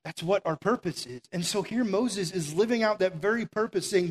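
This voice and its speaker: A man's voice: high-pitched, moderate pace, hardly any pauses. A man preaching a sermon in an earnest, conversational way, acting out quoted prayers as he goes. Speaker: pastor.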